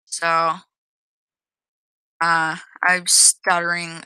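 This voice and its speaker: A woman talks over her gameplay in a casual, hesitant way, often restarting and correcting herself. Her voice is very bright and crisp. It is recorded dry and close, with no room sound. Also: lowish voice, fairly even intonation, slow pace, pauses often, dry recording, low-quality recording. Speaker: game developer showing own game.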